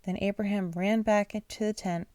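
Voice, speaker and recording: Sleepy lady reading bedtime bible stories, mellow soft voice, dry close sound, keeps saying sorry. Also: medium pitch, fairly even intonation, normal speed, smooth, dry recording. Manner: sleepy, yawning, apologizes often, stumbles over names; gentle, unpolished reading with restarts. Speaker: channel host reading aloud.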